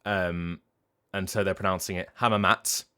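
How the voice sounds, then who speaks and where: A man with a very deep voice talks casually on his livestream. As a voice actor, he explains his craft thoughtfully and often stops to restart a sentence. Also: lively intonation, moderate pace, a bit bright. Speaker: voice actor and streamer.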